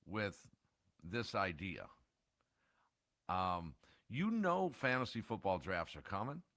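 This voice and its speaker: A man's voice: low-pitched, bright, forceful tone, dry recording, studio quality. A man co-hosting a sports radio show in casual talk, ranting and firing off rhetorical questions.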